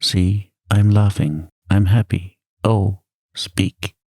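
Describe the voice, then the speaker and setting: A man voicing a lovelorn, pleading young wife in a soft-spoken storybook reading. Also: sits low, steady tone, slow, dry recording, heavily acted.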